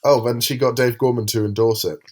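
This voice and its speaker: A man's voice: medium pitch, steady tone, fairly quick, a little mellow. A man co-hosting a podcast in casual chat, rambling and hesitant as he describes things. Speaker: podcast co-host.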